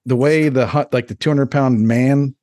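A man in his thirties co-hosting a podcast, rambling through crude, animated comedic stories in casual chat. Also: medium pitch, moderate pace, no echo, clean studio sound. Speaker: podcast co-host.

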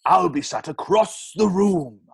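A man's voice: high voice, animated, unhurried, creaky, husky, pitched above the performer's own voice, full character voice. A man voicing an oil baron in a spoof radio advert, slipping into a Welsh accent, drawling and breaking into laughter. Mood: mock salesman. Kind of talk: comedic podcast advert sketch.

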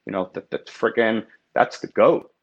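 A man's voice: lowish voice, moderate pace, husky, highs cut off. A man in his fifties chatting casually as a podcast guest, rambling and heartfelt, often restarting his sentences. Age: 50s.

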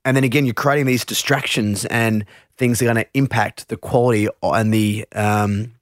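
A man who teaches meditation, explaining his practice in an interview in a relaxed way, with frequent restarts and asides. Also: on the low side, moderate pace, no echo, studio quality.

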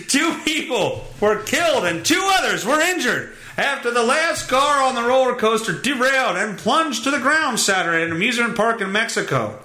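A man's voice: high-pitched, big pitch swings, moderate pace, bright, forceful tone. A man hosting a solo podcast, reading news stories aloud in a profane, sarcastic, rambling comedic rant. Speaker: podcast host.

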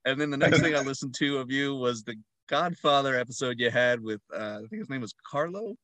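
A man chats as a podcast guest, often poking fun at himself and laughing. His voice is mid-pitched and sounds close and dry. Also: animated, a little fast, pushed and bright, no echo. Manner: self-deprecating, laughs a lot. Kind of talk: casual podcast chat.

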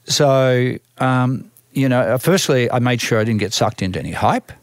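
A man's voice: mid-range voice, moderate pace, no room sound, clean studio sound. An older Australian man who manages a band, telling long rambling stories from his career in a casual interview, full of restarts and acted-out quotes.

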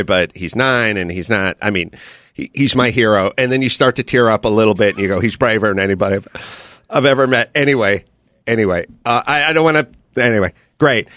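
A man's voice: lowish voice, fairly bright tone, dry recording. Man riffing bits in a dry studio. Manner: tells stories by acting out quoted bits. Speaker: podcast host. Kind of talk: casual comedic studio chat.

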